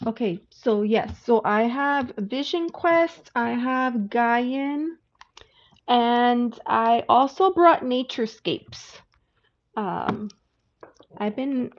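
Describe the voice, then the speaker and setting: A woman hosting a casual livestream of card readings, chatty and greeting viewers by name. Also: a little high. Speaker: livestream tarot reader. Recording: dull lo-fi audio with faint hiss.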